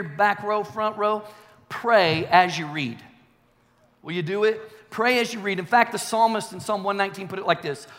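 A man's voice: high voice, bright, forceful tone. A male pastor preaching a sermon with emphatic repetition, calling out to the congregation. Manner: emphatic, repeats key phrases, calls for congregation response. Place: church sanctuary. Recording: long reverb of a large hall.

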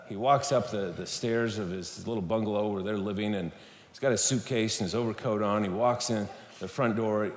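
A man preaching a sermon in a church, telling stories with humor and speaking to the audience directly. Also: lowish voice. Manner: animated storytelling, playful, talks to the audience. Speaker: guest speaker at a church service. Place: church sanctuary. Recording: echoey hall, faint room noise.

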